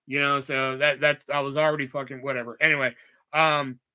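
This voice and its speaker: A man's voice: mid-range voice, flat delivery, brisk, background noise. A man hosting a livestream, chatting casually about movies in a rambling, sarcastic way full of swearing. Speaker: livestream host.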